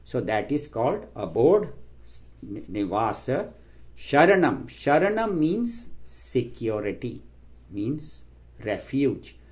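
A man giving a spiritual talk, explaining scripture terms and telling stories, acting out the quoted voices with raised pitch. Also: big pitch swings, takes it slowly, darkish tone. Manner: storytelling, acts out quoted voices with rising pitch. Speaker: spiritual teacher. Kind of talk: sermon with stories and jokes.

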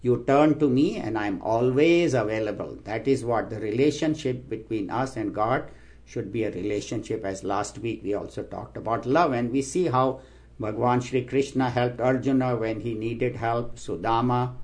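A man giving a spiritual talk, explaining scripture terms and telling stories, acting out the quoted voices with raised pitch. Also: moderate pace, a little mellow. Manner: storytelling, acts out quoted voices with rising pitch. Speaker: spiritual teacher. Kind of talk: sermon with stories and jokes.

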